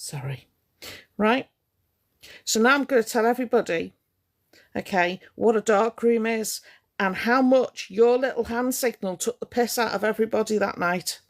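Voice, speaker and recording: A woman's voice: fairly high pitch, moderate pace. A woman, ranting sarcastically to her livestream chat and greeting viewers as she goes. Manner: cross, sarcastic, blunt. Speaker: livestream host.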